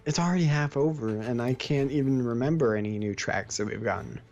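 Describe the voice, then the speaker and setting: Excitable young man, mid-pitched voice. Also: a little fast, muffled recording, soft background music. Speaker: guest youtuber. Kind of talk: casual chat.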